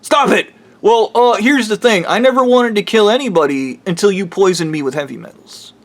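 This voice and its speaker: A man's voice: high voice, a little fast. A man ranting heatedly in a rambling, profane vlog monologue. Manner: heated, rambling, swears freely. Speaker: vlogger.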